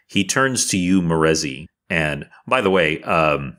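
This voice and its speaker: A man's voice: a bass voice, lively intonation, measured pace, hardly any pauses, fairly bright tone. A man narrating as game master of a tabletop game, casual and chatty with asides.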